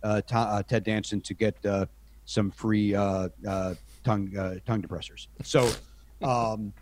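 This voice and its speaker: A man's voice: on the low side, little pitch movement, a little slow, darkish tone, a little hiss or hum. A middle-aged man, a podcast guest, telling self-deprecating anecdotes in a rambling, casual way with lots of restarts.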